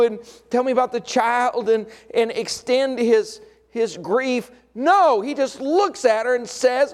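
A middle-aged man with a notably high-pitched voice preaches a sermon. He moves between soft, intimate passages and raised, emphatic declarations. Along the way he drops in dry, folksy asides. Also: moderate pace. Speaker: pastor.

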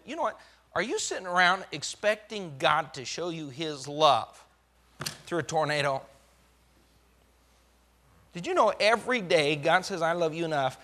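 High, bright-voiced preacher acting out scripture. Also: male voice. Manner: dramatic, swings from hushed to loud, acts out God's lines. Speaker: pastor. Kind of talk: sermon.

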